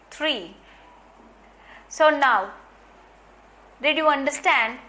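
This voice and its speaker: A woman training teachers in phonics, explaining points slowly and deliberately and repeating key ideas. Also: sits high, lively intonation, noisy background. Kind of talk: instructional lecture.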